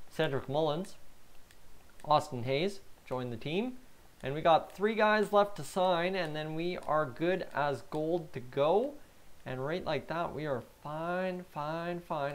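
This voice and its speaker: Chatty man streaming a sports game. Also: on the high side. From Canada. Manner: casual, chatty, talks to his live chat, grows excitable and loud. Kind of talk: live-streamed gameplay commentary.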